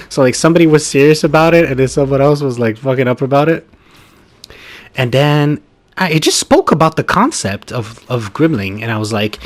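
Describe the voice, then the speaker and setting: A man's voice: medium pitch, expressive, normal speed. A man telling a funny story in a casual chat, swearing freely and laughing as he talks. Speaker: podcast co-host.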